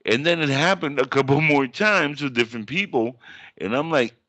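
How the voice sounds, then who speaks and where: A man hosting a podcast in casual chat, telling a story with lively energy and acting out other people in a high voice. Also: normal speed, dry recording. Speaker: podcast host.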